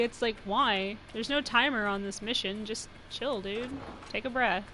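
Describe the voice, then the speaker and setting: A young woman from New Mexico rambles through casual live-stream commentary on a game, laughing often and saying "like" a lot. Her voice is bright, forward and on the high side at normal speed, with a faint hiss in a low-quality recording.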